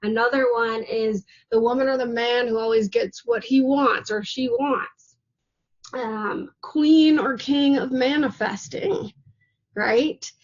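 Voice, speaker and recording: A woman with a slightly high, breathy voice teaches a class in a chatty, looping way. She keeps checking in with the listener as she goes. The recording sounds a bit dull and lo-fi. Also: steady tone, takes it slowly. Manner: chatty, repetitive, rhetorical "right?" asides. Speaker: manifesting coach.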